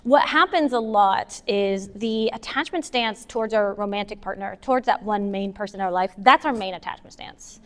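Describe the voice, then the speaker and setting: A woman giving a casual, animated talk to a moms' group, taking audience questions and acting out what partners say. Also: medium pitch, normal speed, hardly any pauses. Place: meeting hall with an audience. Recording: long hall reverb.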